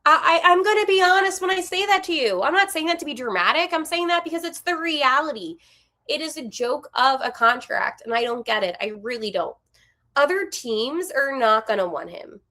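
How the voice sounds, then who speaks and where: A woman in her twenties hosting a hockey podcast, giving candid, animated opinions with quick asides. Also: sits high. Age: 20s. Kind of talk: casual opinionated commentary.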